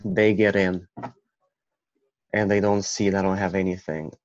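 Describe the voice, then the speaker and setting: A man from Ukraine telling a personal story in a halting way, with many restarts. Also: low-pitched, fairly even intonation, no room sound. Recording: dull, muffled recording.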